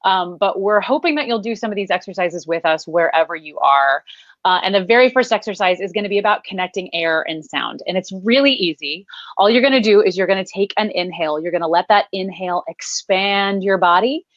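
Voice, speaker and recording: A woman's voice: mid-range voice, animated, brisk, dry recording, lo-fi sound. A woman from the American Midwest with a Midwestern accent, coaching listeners through breathing and name exercises in an upbeat, instructive way. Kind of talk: guided vocal exercise.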